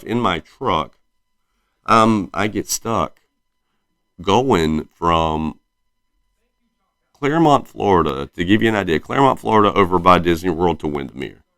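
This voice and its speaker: A man in his thirties from South Carolina hosts his own podcast, chatting casually alone and telling rambling stories while frequently correcting himself, with a slight Southern twang. His voice is low-pitched and creaky with a fairly bright tone, recorded dry in clean studio quality.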